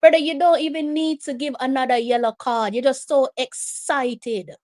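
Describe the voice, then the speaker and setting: A woman's voice: sits high, fairly even intonation, normal speed, darkish tone. A woman with a Jamaican accent hosting a live watch-along of a football match. She gives emotional reaction commentary, pleads with the players and slips between Patois and English.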